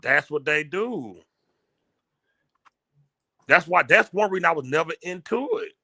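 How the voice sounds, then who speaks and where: A man's voice: on the high side, lively intonation, measured pace, creaky, bright, forceful tone. A man co-hosting a podcast in casual chat, blunt and slangy, dismissive of rival channels. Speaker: podcast co-host.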